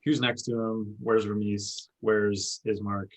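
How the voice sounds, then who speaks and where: Low-voiced man at the game table. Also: little pitch movement, slow pace, low-quality recording. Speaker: player. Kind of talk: casual tabletop play.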